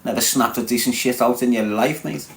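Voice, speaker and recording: A man's voice: medium pitch, fairly quick, gravelly. A man in his forties with a Scouse accent, bantering crudely with his live-stream chat. He swears constantly and teases his viewers. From Liverpool, England. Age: 40s. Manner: brash, swearing, teasing viewers.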